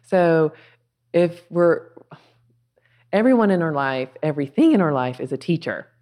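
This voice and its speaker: Female guest, deep voice for a woman, calm earnest spiritual talk. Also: a little slow. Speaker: podcast guest. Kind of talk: spiritual conversation.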